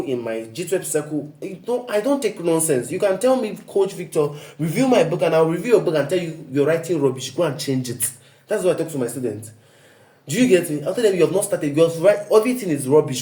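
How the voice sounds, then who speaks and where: A man's voice: a little high, mellow, reverberant. A man teaching an online writing lesson as a coach, emphatic, often asking listeners to fill in the blank and checking "do you get me?".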